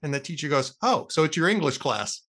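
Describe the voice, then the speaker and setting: A man hosting a talk show tells jokes in a casual, chatty way. His voice is fairly high for a man and swings widely in pitch as he acts out the characters' lines. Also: fairly quick. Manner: lively storyteller who acts out the characters' lines. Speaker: radio talk show host. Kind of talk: casual chat, telling jokes.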